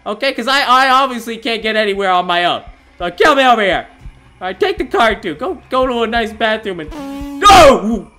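A teenage boy in his late teens giving excitable, giggly commentary on a horror game, yelping and shouting when startled. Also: high-pitched, fast, hardly any pauses. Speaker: gaming video host.

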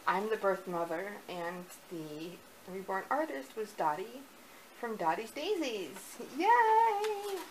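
Young woman vlogger, gushing unboxing chat, slow and breathy with excited gasps, faint background hiss. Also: mid-range voice, rough recording. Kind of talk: unboxing vlog, casual chat.

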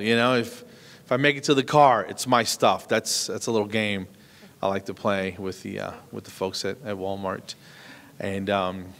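A man in his fifties works a stand-up set with a rambling, self-mocking delivery that stumbles into restarts. His voice sits at a middling pitch. The sound carries a long hall reverb. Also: fairly bright tone. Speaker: stand-up comedian.

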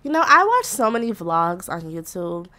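A young woman casually commentating a life-simulation game as channel host, chatty and excitable, often laughing. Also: on the low side, normal speed. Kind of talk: casual let's-play commentary.

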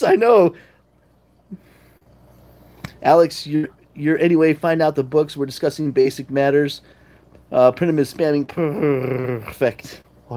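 Casual livestream host who reads viewer comments aloud and answers them, breaking into high baby talk at kittens. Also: creaky, mellow. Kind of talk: casual live chat with viewers.

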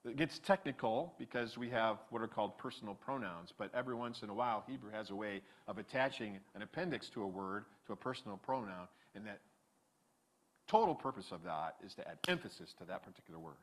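A male pastor delivering a sermon with animated, emphatic preaching. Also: lowish voice, fast.

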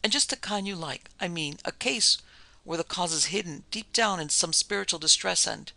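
A woman's voice: lowish voice, lively intonation, moderate pace, creaky, sharp tone, no echo, full character voice. A man voicing an earnest, anxious Swedish lady in a classic ghost story reading, who speaks hesitantly and searches for her words. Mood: earnest, worried.

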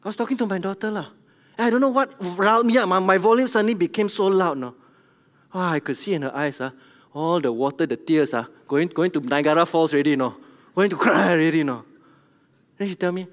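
A middle-aged man with a Singaporean English accent, preaching a church sermon in an animated, conversational way and asking the congregation questions. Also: high voice, fast talker. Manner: animated, conversational, tells jokes at his own expense, asks the congregation questions. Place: large church hall. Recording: long hall reverb.

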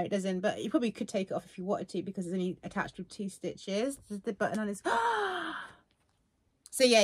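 A woman vlogging casually while unboxing gifts, gushing and excitable. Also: mid-range voice, dry recording. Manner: gushing and excitable, many fillers.

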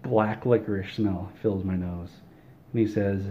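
A man tells a deadpan comic story in a dry, rambling way. His voice sits lowish and he talks slowly. The recording is slightly muffled, with faint hiss. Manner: dry, rambling delivery with fillers. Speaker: comedic storyteller.

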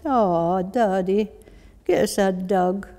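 A woman's voice: medium pitch, slow, mellow, close to an everyday voice. A woman voicing a small boy with a Glasgow accent who pleads with his father for a dog, in a wheedling sing-song. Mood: pleading. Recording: long reverb of a large hall.

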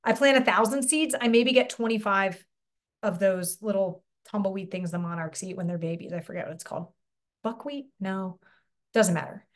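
A woman's voice: mid-range voice, normal speed. A middle-aged woman business coach giving a casual, chatty live online lesson, often asking her listeners questions and swearing lightly.

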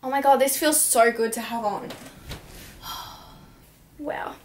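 A woman's voice: fairly high pitch, a little fast, a little hiss or hum. A young woman in a casual haul vlog, talking to camera at home with a bubbly, gushing, chatty manner. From Australia. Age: young adult. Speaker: vlogger.

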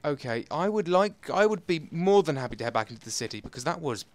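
Excitable man commentating a game. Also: fairly high pitch, quick pace. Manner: excitable, self-mocking, talks to viewers. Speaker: gameplay commentator. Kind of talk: let's play commentary.

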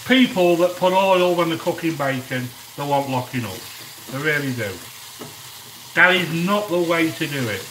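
A middle-aged man hosting a live-stream cooking chat, talking straight to his viewers and giving them shout-outs. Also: fairly high pitch, lively intonation, normal speed, far from the mic, slight background noise. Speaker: cooking channel host. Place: home kitchen. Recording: echoey kitchen, speaker off-mic. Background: frying and sizzling in the pan.

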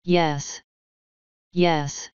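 A faltering, unsure young king in a storybook reading, as a woman reader puts him on. His voice is soft and a little low, with clear, smooth tone and a dry, close sound. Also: flat delivery, extremely slow, no room sound, lo-fi sound. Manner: hesitant, faltering. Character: timid, hesitant young male king.

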